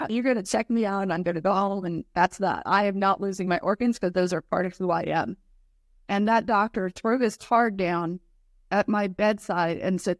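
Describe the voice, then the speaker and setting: A middle-aged woman speaks as a podcast guest in an earnest, open way. She keeps breaking into quick acted-out versions of her own past reactions. Her voice sits in an ordinary middle range and sounds close and dry, with no room around it. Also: mid-range voice, no echo. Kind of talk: candid personal storytelling.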